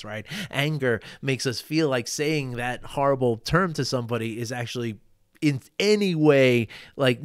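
A middle-aged male coach telling personal stories, animated, often laughing and acting out quotes. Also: a little high, no room sound, clean studio sound. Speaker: life coach. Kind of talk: reflective storytelling monologue.

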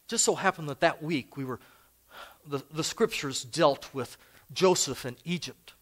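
Speaking at a measured pace in a voice that's a little high, an older man gives a storytelling sermon as a pastor. His delivery is conversational and anecdotal, built around personal stories.

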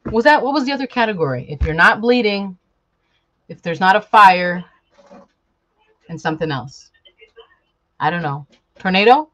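A woman's voice: lowish voice, animated, normal speed, long pauses, a bit bright, dull audio. A woman from Chicago, chatting casually and joking with viewers on a live stream while working on a sewing project at home. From Chicago, USA. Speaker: sewing vlogger.

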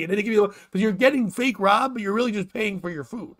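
A man's voice: high-pitched, fast, few pauses, a bit bright. A man hosting a casual comedic talk show, riffing and ranting with lots of swearing. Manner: profane, riffing, rambling rants. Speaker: podcast host.

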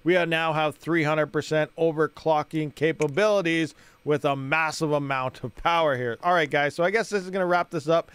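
A man's voice: on the high side, a bit bright, smooth, dry recording. A man hosting a gaming channel, rambling and thinking aloud as he plays and talks to his viewers. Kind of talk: casual gameplay commentary.

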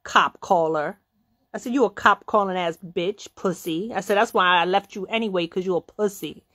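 A middle-aged woman telling a story in a casual, profane way, acting out the quotes with sudden jumps in pitch. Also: moderate pace, sharp tone.

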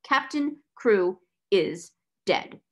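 A woman reading aloud, voicing a dry, sharp-featured solicitor who speaks in a curt, snappish, critical manner. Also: mid-range voice, animated, drawn-out words, full character voice. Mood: grim. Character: brusque, dry little male solicitor.

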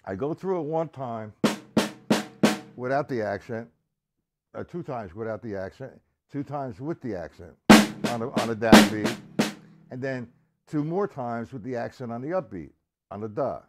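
A man giving a casual live-stream drum lesson, chatting with viewers by name and counting beats out loud. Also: medium pitch, lively intonation, normal speed, loud music behind the voice. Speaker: drum teacher.

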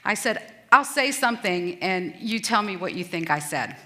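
A woman's voice: fairly low pitch, lively intonation, moderate pace, pushed and bright. A middle-aged American woman giving a self-deprecating, humorous stage talk at a conference. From United States.

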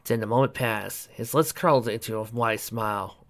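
Man, story reader, steady narration, playful asides, gravelly. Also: lowish voice, moderate pace. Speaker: reader of fan fiction. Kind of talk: reading a story aloud.

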